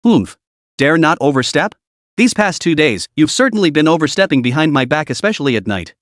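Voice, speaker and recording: A man's voice: fairly high pitch, very animated, fairly quick, no room sound, studio quality. A man voicing a jealous, domineering female sect leader who talks in a cold, sneering, commanding way.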